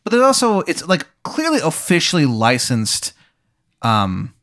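A man's voice: on the high side, wildly swooping pitch, a bit bright. A man narrating as game master in a comedic role-play, rambling and swearing, with lots of fillers. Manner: rambling, profane, halting with many fillers.

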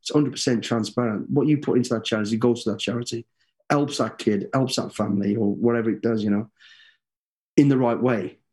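A middle-aged man talks as a guest in a casual interview. He tells his stories with plenty of energy, swears freely and acts out the voices of people he quotes. His voice sits at an ordinary middle pitch. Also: a little fast, dark tone.

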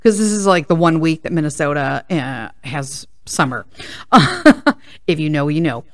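A woman's voice: low voice, very animated, unhurried, no room sound, clean studio sound. Profane, ranting woman. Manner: profane, ranting, full of tangents. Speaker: podcast host. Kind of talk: casual storytelling podcast.

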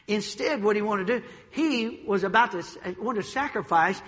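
High-voiced, bright, animated preacher. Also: male voice, moderate pace, hardly any pauses, big-room sound. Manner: animated, repeats words while building. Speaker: pastor. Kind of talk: sermon. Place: church sanctuary.

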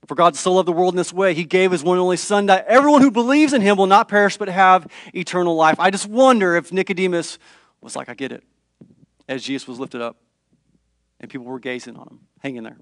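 High-voiced man preaching a sermon. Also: no room sound, clean studio sound. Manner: dramatic, shifts between hushed and raised voice for quoted figures. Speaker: pastor.

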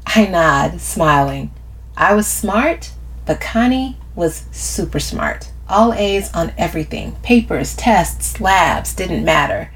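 A woman's voice: lowish voice, takes it slowly. A woman narrating first-person fiction as an audiobook, telling it expressively. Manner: expressive storytelling.

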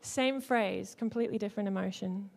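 A woman leading an interactive teaching talk to a church group, playful, swinging between loud and hushed and acting out lines. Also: mid-range voice, a little fast, creaky. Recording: long hall reverb.

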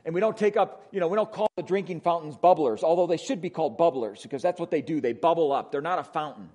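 Here the Wisconsin pastor talks fast, his voice a little high, his accent marking him as from Wisconsin, USA. His sermon stays conversational, peppered with "right?", swinging from emphatic to hushed.

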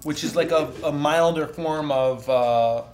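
A middle-aged man chatting casually as a guest, telling animated stories, laughing often and swearing. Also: a little high, a little slow. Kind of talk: casual chat. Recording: roomy echo with background noise.

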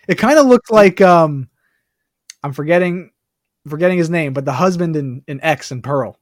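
A man co-hosting a podcast, chatting casually about a film in quick, animated bursts with plenty of fillers. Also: fairly high pitch, dry recording, studio quality. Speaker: podcast co-host. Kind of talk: casual movie review chat.

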